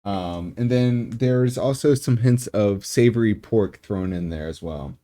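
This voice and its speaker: A man works through his whisky tasting notes step by step, pausing on ums. His voice is low and mellow. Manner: methodical, measured with ums. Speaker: whisky taster.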